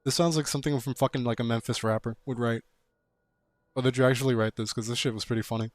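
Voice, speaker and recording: A man's voice: medium pitch, steady tone, fast, dry recording. A man reading viewer-submitted horror stories aloud and mocking them, laughing and swearing between lines. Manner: laughing, profane, mocking commentary. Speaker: creepypasta reader.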